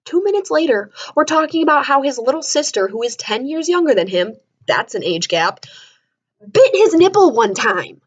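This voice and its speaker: A young adult woman telling stories to camera in a casual, animated way, jumping up to high shrieks of disbelief. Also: fairly quick, few pauses. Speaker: vlogger. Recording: dull lo-fi sound.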